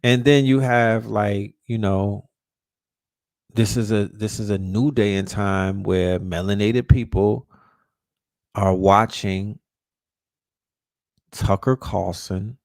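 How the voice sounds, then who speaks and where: A man's voice: lowish voice, fairly even intonation, slow pace, long pauses, a little mellow, no echo, studio quality. A man ranting casually, emphatic and profane, often restarting words when fired up. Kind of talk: casual rant.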